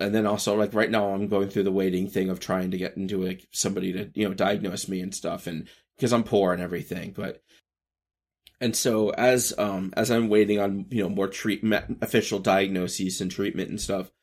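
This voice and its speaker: A podcast host in his thirties delivers a rambling, casual monologue, halting and restarting often. His energy swings from high to subdued, and his voice has a darkish tone.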